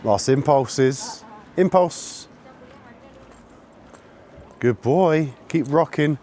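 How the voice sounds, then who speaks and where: A man's voice: a little slow, pauses often, slight background noise. Man training his dog on a walk. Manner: sharp high-pitched commands to a dog between relaxed chat. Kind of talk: casual narration while walking a dog. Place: outdoors on a woodland and road walk.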